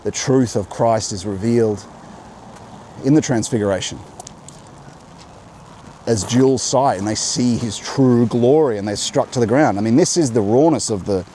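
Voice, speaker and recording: A man's voice: mid-range voice, normal speed, pauses often, mellow, slight background noise. A man with a General Australian accent, musing aloud to viewers on a walking vlog outdoors, rambling and reflective as he navigates. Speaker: vlogger. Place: outdoors on a walk near a road, with an umbrella in the rain. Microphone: handheld camera.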